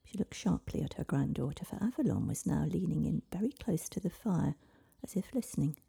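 A woman narrating a children's fantasy story in a soft, half-whispered, breathy reading. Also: deep voice, expressive, fairly quick.

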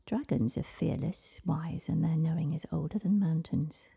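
A woman's voice: low voice, moderate pace, vocal fry, warm tone, husky, heavily acted. A woman voicing a wise old grandmother. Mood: storytelling.

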